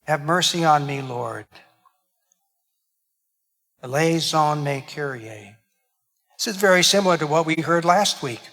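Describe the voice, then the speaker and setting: Male priest, sermon, slightly high voice, dramatic emphasis, echoing church. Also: unhurried, pauses often, fairly bright tone. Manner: explains Greek words with dramatic emphasis. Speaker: pastor.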